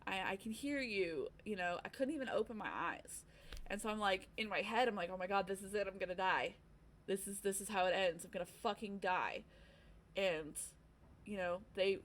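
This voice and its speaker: A woman in her young adult years speaks candidly to a livestream audience, talking her story through in a plain conversational way. Her voice sits at a middle pitch and now and then she acts out her own thoughts. A faint hiss runs under the recording. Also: a bit bright. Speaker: streamer.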